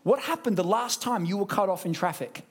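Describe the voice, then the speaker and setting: An Australian man preaching a sermon at a church service, lively and conversational, acting out quick impressions. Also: high-pitched, slightly rough.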